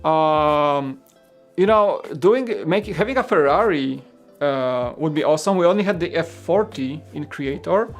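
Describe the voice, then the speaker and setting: A man's voice: fairly high pitch, lively intonation, unhurried, faint music behind. A man from Poland, hosting a casual livestream and chatting rambly with viewers. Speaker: host.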